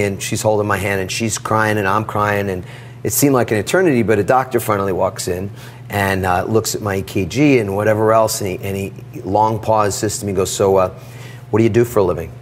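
Animated storytelling man, low voice. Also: moderate pace, a little hiss or hum. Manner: animated storyteller, acts out dialogue. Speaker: guest. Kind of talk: storytelling interview.

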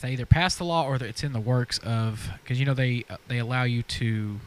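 A man co-hosts a podcast and keeps the talk moving with quick reactions and side comments. A faint hiss sits under his voice. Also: mid-range voice. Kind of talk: casual chat.

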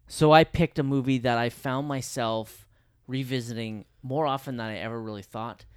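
A man co-hosting a casual movie podcast, eager and chatty, who swears freely and gets loud when excited. His voice sits at a middling pitch. The sound is dry and close to the mic. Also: no room sound. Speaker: podcast co-host.

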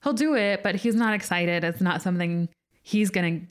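A young woman co-hosts a relaxed podcast chat. She tells a personal story in a chatty way, leaning on "like" again and again. Her voice sits at a middle pitch. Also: moderate pace, smooth. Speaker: podcast co-host. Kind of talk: casual chat.

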